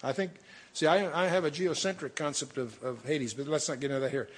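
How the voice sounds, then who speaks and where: A man's voice: on the high side, fairly quick. A man teaching a verse-by-verse Bible study, reading scripture aloud and breaking off to explain it with asides and restarts.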